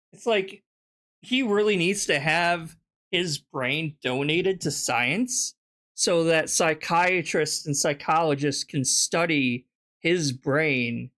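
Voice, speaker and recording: A streamer comments on clips in a sarcastic, mocking tone. The voice is mid-pitched, and the commentary swears freely. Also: a bit bright.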